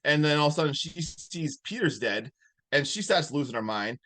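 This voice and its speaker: A man co-hosting a podcast, recapping a movie plot in a casual, animated way. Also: fairly high pitch, a little fast. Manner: animated storytelling, laughing often. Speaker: podcast co-host.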